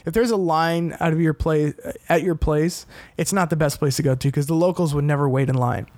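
A man with a slightly high voice rambles through a casual solo podcast monologue. He swears freely and pokes fun at himself. The sound is close and dry. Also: steady tone, fairly quick, a little mellow, no room sound. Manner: rambling, profane and self-mocking. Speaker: comedian and podcast host.

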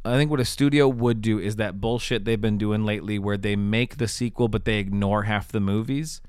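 A man co-hosting a casual podcast chat, excitable and quick to laugh, often restarting his sentences. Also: lowish voice, clear, resonant tone, no room sound, studio quality. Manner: excitable, talks over himself with restarts and laughs. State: has the hiccups. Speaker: podcast co-host.

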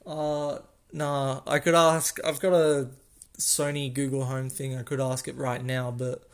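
Aussie guy on a phone mic, slow rambly podcast chat, fixes himself mid sentence. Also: medium pitch, flat delivery. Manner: slow, rambling, self-correcting explanations. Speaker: podcast host. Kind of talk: casual solo podcast.

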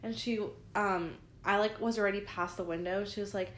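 A woman's voice: medium pitch, steady tone, moderate pace, a little hiss or hum. A tired young woman co-hosts a podcast. She tells her story in a chatty, rambling way packed with likes and ums. The recording rings with a roomy echo. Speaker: podcast co-host. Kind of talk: casual chat.

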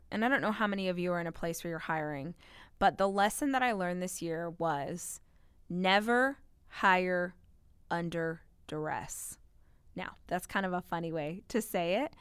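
Woman, business podcast host, solo talk, emphatic and upbeat, smooth clear voice, dry close mic. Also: mid-range voice, dry recording. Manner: energetic, emphatic, speaks straight to listeners.

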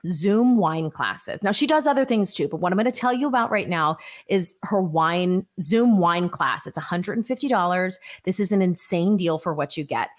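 Chatty woman hosting a podcast. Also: lowish voice. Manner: chatty and enthusiastic, with asides. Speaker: podcast host. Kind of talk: solo gift-guide podcast.

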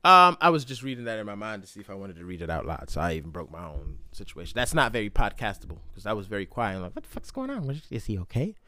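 A young adult man hosting a casual solo podcast, talking in slang and jumping into loud, high voices when he acts out other people. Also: big pitch swings, quick pace, hardly any pauses, no echo. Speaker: podcast host. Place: indoor room.

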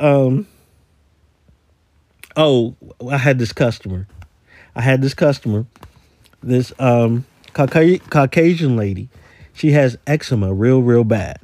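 Rambling man with a mellow voice. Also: mid-range voice, no echo, clean studio sound. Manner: rambling, repeats words, animated complaining. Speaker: retail store worker. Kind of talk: casual voice-message storytelling.

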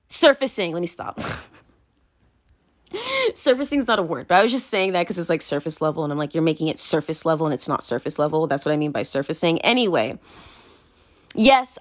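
A woman talking casually on her own, blunt and profane, laughing often and repeating herself as she moves between points. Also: lowish voice. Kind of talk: casual solo commentary.

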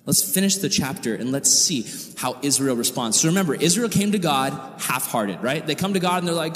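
A man preaching a youth sermon to high school students, animated and slangy, acting out quotes as he goes. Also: brisk, few pauses, echoey room, big-room sound, soft background music. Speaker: youth pastor.

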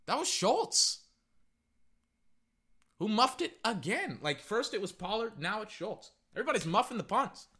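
Brief: man, fan commentator, high lively voice, sharp bright tone, rambling live game reactions. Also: brisk, few pauses, breathy edge. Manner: excitable, rambling, repeats words.

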